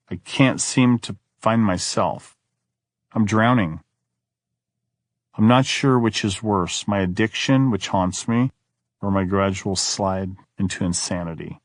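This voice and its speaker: Low, dry-voiced man reading a diary. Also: dry recording. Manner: weary, brooding first-person reading. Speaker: audiobook narrator. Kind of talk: audiobook reading of diary entries.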